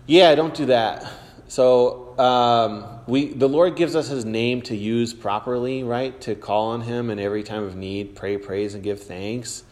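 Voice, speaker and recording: A man's voice: medium pitch, unhurried, darkish tone. Chatty man teaching in an echoing hall. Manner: chatty, rambling, with many fillers. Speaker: church teacher. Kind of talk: informal Bible class talk. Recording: reverberant hall.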